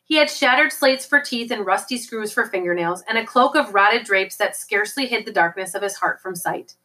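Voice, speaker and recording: Woman, audiobook reader, steady storytelling, bright clear voice, middle pitch. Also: normal speed, low-quality recording. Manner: steady storytelling with occasional slips and restarts. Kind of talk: reading a novel aloud.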